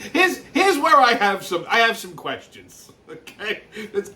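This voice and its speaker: A man's voice: high voice, sharp tone, far from the mic. A man hosting a show, ranting with lots of profanity and exasperation about a video clip, laughing in between. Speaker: host.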